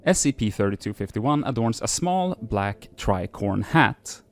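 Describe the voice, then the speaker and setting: A man's voice: fairly low pitch, animated, unhurried. A man hosting a show, reading archive entries aloud and breaking off into casual, self-deprecating asides full of fillers.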